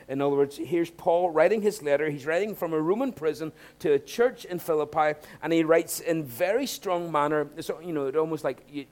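A man preaching a sermon in a conversational way, asking rhetorical questions and swinging from quiet asides to emphatic points. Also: a little high.

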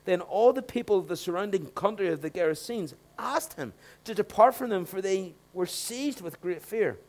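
A man preaching a sermon, swinging between hushed asides and loud, emphatic points. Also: sits high, expressive, normal speed.

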